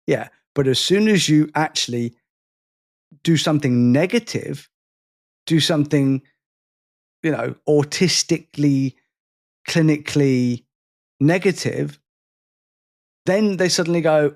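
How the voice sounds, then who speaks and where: A man's voice: a little high, measured pace, long pauses, a little mellow. A man co-hosting a podcast, speaking emphatically and venting his frustration at length in casual conversation. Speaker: podcast co-host.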